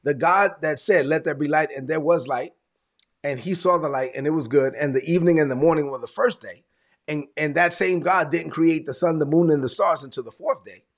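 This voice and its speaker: Brief: male preacher, fairly high voice, gravelly and husky, chatty and emphatic. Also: brisk. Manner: conversational, emphatic preaching with repetitions. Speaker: pastor. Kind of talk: sermon.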